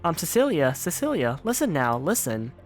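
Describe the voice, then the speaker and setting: A frail mother near death speaks in a soft, slow, tender voice, pausing to cough, as a man puts her on. Her pitch moves a lot as she pleads. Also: sing-song, faint music behind. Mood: tender, mournful. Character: dying gentle mother, weak and coughing.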